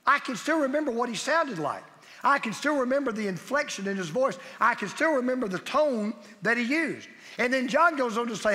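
A man's voice: extremely high pitch, animated, brisk, sharp tone. A middle-aged man preaching a sermon with an emphatic, repetitive cadence. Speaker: pastor. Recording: long hall reverb.

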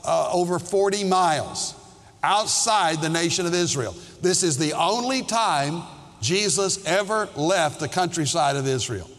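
A man preaching a sermon as a pastor, his voice set slightly high for a man. He takes each phrase slowly and leans into the emphasis, putting questions to his congregation. A long hall reverb trails behind every line. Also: fairly bright tone.

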